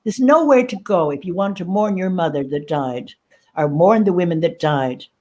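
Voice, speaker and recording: A woman recounting personal experience as an interview guest, halting and emotional, often repeating her phrases. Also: fairly low pitch, expressive, a little mellow. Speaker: guest sharing lived experience. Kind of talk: personal testimony in conversation.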